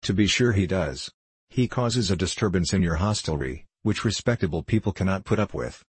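A man's voice: low-pitched, lively intonation, moderate pace, slightly rough, no room sound, full character voice. A man reading the part of a haughty, coldly menacing nobleman in an audiobook. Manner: cool, imperious, coldly menacing.

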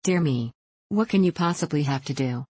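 Lady doing a whiny sorry-for-herself young wife, low voice, complaining nonstop, dry sound. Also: expressive, normal speed, dark tone, breathy edge, no echo. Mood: peevish. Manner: complaining, plaintive. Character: peevish self-pitying young married woman.

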